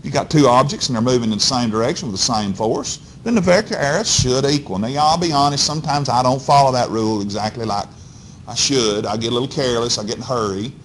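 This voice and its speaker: A fast-talking physics teacher with a medium-pitched voice lectures directly to his students, folksy and coaxing, peppering his explanations with "okay?" and "all right?". A little hiss or hum can be heard.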